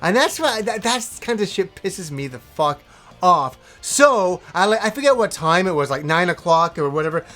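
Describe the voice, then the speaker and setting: A middle-aged man hosting a show, telling a long rambling anecdote in a casual, animated way and swearing now and then. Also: high-pitched, moderate pace. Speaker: host. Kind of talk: casual storytelling to camera.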